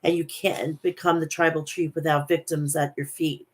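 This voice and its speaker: A woman hosting a wrestling show, giving a brisk play-by-play recap and often correcting herself mid-word. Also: deep voice, flat delivery.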